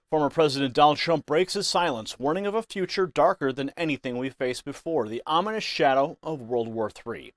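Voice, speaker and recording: A man's voice: fairly high pitch, no echo, studio quality. A man narrating a scripted news commentary in an ominous, emphatic way.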